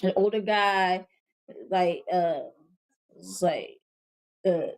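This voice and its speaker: A woman's voice: lowish voice, extremely slow. A woman hosting a casual review of a TV show, recapping scenes in a chatty, slangy way with frank, exasperated asides. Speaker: host.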